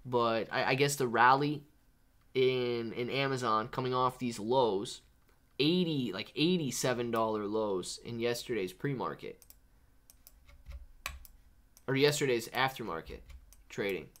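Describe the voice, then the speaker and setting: A man's voice: medium pitch, a little slow, long pauses. Young guy doing a live stream, chill and chatty, keeps saying man and dude. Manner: casual, reads chat names and shout-outs, says man and dude a lot. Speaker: livestream host. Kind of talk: live market stream chat.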